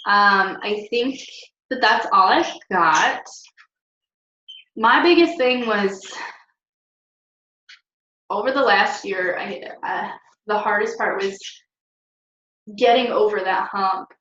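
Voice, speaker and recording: A young woman rambles cheerfully through an encouraging motivational vlog, her voice sitting at a middle pitch. She is recorded at home from some distance, so the sound is roomy and echoey. The audio is dull and lo-fi. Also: takes it slowly, long pauses, pushed and bright, slight background noise. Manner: upbeat, chatty, rambling and encouraging. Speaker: network marketing team leader.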